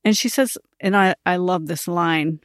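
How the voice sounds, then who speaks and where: Animated woman telling a story, dry sound. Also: lowish voice, unhurried, no room sound. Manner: animated, laughs while telling stories. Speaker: podcast host, ministry coach. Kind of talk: casual storytelling monologue.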